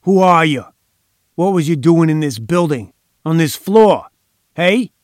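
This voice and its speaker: A man's voice: mid-range voice, steady tone, measured pace, a little mellow, no room sound, clean studio sound, lightly acted. A man doing a roaring, brutal gang boss. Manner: roaring, menacing, bullying. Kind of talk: audiobook character voice.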